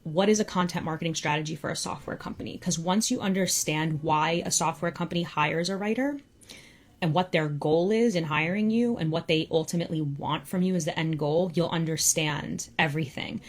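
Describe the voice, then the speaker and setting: A young woman hosts a live Q&A as a freelance copywriting coach, her voice sitting a little low. She talks in a loose, conversational way, filling her sentences with "like.". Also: a little fast. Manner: casual, conversational, peppered with "like". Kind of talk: live Q&A session.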